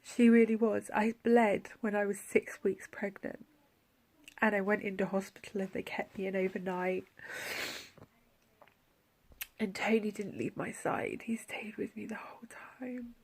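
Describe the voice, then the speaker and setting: A female vlogger talks at normal speed in a mid-range, creaky voice with a level tone. She sounds tender and heartfelt, speaking softly and often falling to a whisper as she reflects.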